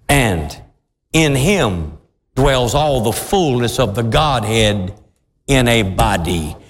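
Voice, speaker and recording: A man preaching a sermon in a church, with fervent, drawn-out emphatic phrases. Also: medium pitch, slight background noise. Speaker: pastor. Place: church sanctuary with congregation responses. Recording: long church reverb.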